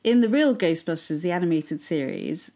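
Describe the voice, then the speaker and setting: A woman's voice: on the low side, lively intonation, moderate pace, mellow. A woman co-hosting a comedy podcast, teasing her partner and pressing her points with playful persistence. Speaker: podcast co-host. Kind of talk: comedic casual banter.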